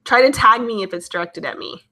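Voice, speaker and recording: Female host, 30s, bright voice, casual live-chat reader, giggly and emotional. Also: fairly high pitch, a little fast. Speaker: livestream host reading chat.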